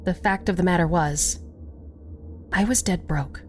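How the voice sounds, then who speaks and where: Casting: female horror narrator, lower voice, unhurried and measured, faint music underneath. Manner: slow, measured storytelling. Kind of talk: scripted horror story narration.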